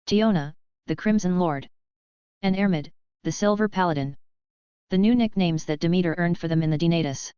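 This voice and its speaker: A woman narrating a novel in a steady, even reading style. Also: on the low side, normal speed, clean tone, no echo. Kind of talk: scripted audiobook narration. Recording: dull dry lo-fi recording.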